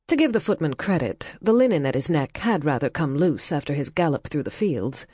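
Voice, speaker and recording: A woman narrating an audiobook in a measured, even storytelling manner. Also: low voice, husky, no echo. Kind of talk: scripted narration.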